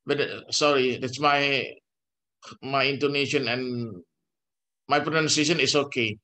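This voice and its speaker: An older man, a law professor giving a university lecture in English, slow and halting, with frequent pauses and restarts. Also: mid-range voice, bright, forceful tone. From Indonesia. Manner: mixes in Dutch legal text.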